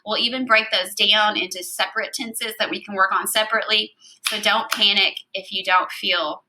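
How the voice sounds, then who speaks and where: A woman's voice: mid-range voice, fairly even intonation, normal speed, bright, forceful tone, low-quality recording. A woman teaching a recorded Spanish grammar lesson, explaining patiently and spelling out letters.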